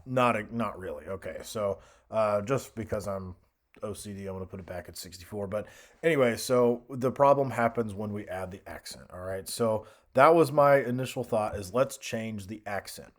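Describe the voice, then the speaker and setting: A young man casually talking through a music software tutorial, thinking aloud with fillers and restarts. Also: on the low side, moderate pace. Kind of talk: screen-recorded software tutorial.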